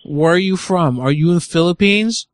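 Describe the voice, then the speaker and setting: A man hosting a live prank call show, brash and mocking, with loud outbursts and swearing. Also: sits high, moderate pace, dry recording.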